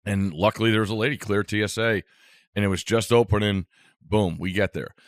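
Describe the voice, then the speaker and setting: Low-voiced man telling a rambling story. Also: fairly even intonation, brisk, no echo, clean studio sound. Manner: rambling, self-amused storytelling. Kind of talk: casual podcast chat.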